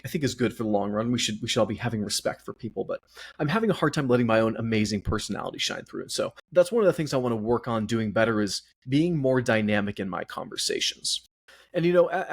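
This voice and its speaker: A man hosting his own podcast, out of breath and chatty, rambling along in a self-deprecating way. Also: medium pitch. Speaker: podcast host. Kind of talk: casual solo podcast monologue.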